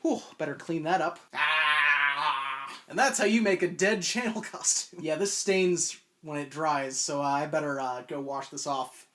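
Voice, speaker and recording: A man's voice: on the high side, moderate pace, few pauses, fairly bright tone. A man in his twenties hosting a comedic video essay, rambling with self-mocking asides. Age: 20s.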